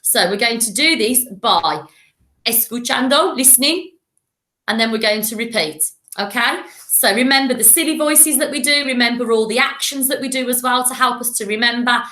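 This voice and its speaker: Bright woman teacher, encouraging, slightly high voice, echoey room, recorded lesson. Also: normal speed. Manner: encouraging, with playful animal voices. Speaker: primary school teacher.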